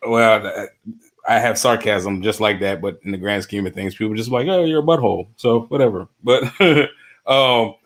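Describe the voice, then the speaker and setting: Low-voiced man, halting and searching. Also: fairly bright tone. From US East Coast. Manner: halting, searching for words, many fillers. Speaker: roundtable guest. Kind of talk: casual chat.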